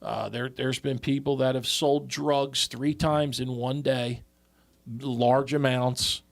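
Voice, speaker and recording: A man's voice: mid-range voice, fairly even intonation, gravelly. A man co-hosting a podcast in casual chat, who stumbles and repeats words as he starts and swears often. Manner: halting, repeats words when he starts, profane. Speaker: podcast co-host.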